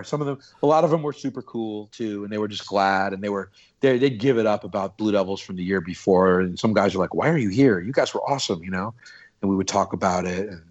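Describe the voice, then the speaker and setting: A man speaking as a podcast guest, rambling and animated as he tells stories, with plenty of restarts. His voice sits on the low side, and the audio is dull and lo-fi. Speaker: podcast guest, former drum corps snare drummer. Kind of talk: casual storytelling chat.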